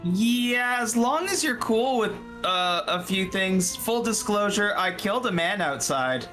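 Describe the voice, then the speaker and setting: A woman's voice: mid-range voice, animated, a little slow, a bit bright, faint music behind. A woman playing a tabletop game, joking in an offhand way. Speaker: player.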